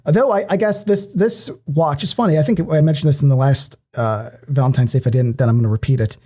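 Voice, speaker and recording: A man co-hosting a podcast, chatting casually about movies in an animated way, swearing freely and restarting often. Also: a little high, fast. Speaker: podcast co-host. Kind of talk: casual movie-discussion chat.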